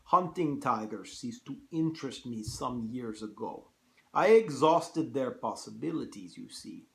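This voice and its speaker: A man voicing a suave, menacing older Russian hunter general with a put-on Russian accent and a slow, low delivery. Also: lively intonation, creaky, a bit bright.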